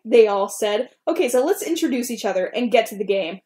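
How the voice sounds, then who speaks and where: Girl with a slightly high voice reading her old fanfic out loud on a podcast, stopping to comment on it. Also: a little fast, hardly any pauses. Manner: reads dialogue aloud and stops to comment on her own writing. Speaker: podcast co-host. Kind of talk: casual reading aloud of her own old fan fiction.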